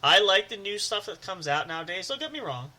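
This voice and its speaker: A man's voice: high-pitched, sing-song, brisk, pushed and bright. A man co-hosting a casual podcast chat who laughs often and breaks into stammering movie impressions. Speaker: podcast co-host.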